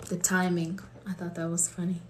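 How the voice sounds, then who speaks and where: A woman from Colorado with a lowish voice hosts a livestream, praying and chatting spontaneously. She laughs often and reads viewer comments aloud, with background noise and a roomy echo in the recording.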